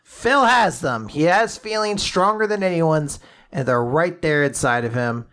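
Animated man recapping a story. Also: fairly high pitch, a little slow. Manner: animated retelling, acting out characters' lines; swears casually. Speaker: podcast co-host. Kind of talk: casual manga recap.

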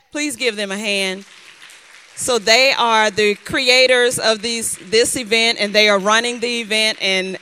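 A woman's voice: mid-range voice, bright, forceful tone. A woman giving chatty thank-yous to an audience in a church, sometimes tripping over names. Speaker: event speaker giving thanks. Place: church hall. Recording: long hall reverb.

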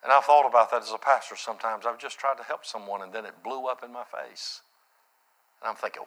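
Impassioned preacher man, bright tense voice. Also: sing-song, a little fast. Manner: impassioned, swings from loud high peaks to quiet low reflection. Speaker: pastor. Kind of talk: sermon.

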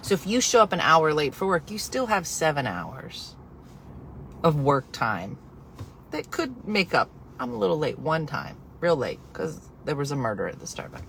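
Animated, exasperated woman ranting. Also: deep voice, moderate pace, gravelly, a little hiss or hum, poor audio. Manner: exasperated, animated, jumps between whispered asides and loud outbursts. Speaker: live streamer. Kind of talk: casual storytelling rant.

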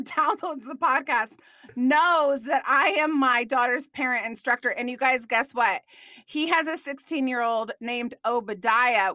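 A woman's voice: high voice, sharp tone, dry recording, studio quality. A woman hosting a podcast, chatting with a guest in an upbeat, enthusiastic way and laughing often. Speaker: podcast host. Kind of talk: upbeat interview chat.

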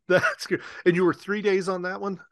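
A man's voice: high voice, a bit bright, dry recording, clean studio sound. A man hosting a casual interview, encouraging his guest and chatting along. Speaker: podcast host.

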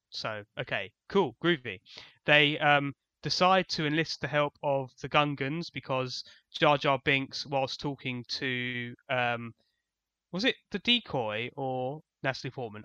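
A man's voice: mid-range voice, measured pace, sharp tone, smooth, no room sound, muffled recording. A man co-hosting a casual comedic film review, dry and sarcastic, hesitating with ums, from England. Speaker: podcast co-host.

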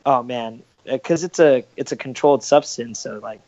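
A man's voice: mid-range voice, normal speed, darkish tone, highs cut off, a little hiss or hum. A man telling a rambling, profane story in casual podcast chat. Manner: profane, rambling, acts out quoted voices.

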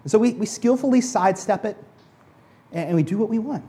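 A pastor delivering a sermon in a relaxed, conversational way, with a voice that sits in a middle pitch. The speech often stumbles into restarts and doubled words. Now and then the pastor slips into mock voices to act out the excuses people make. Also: brisk.

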